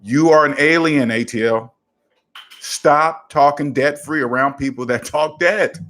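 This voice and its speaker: A man's voice: on the high side, fairly bright tone. Man repeating his money formula emphatically. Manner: emphatic and repetitive, hammers one formula, quick asides. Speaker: personal finance coach and show host. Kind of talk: casual advice talk to a listener.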